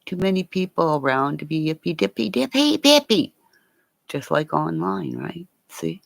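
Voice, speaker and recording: A woman's voice: sits low, lively intonation, moderate pace, vocal fry, dry recording. A woman rambling and swearing in a casual livestream chat with her viewers, laughing often.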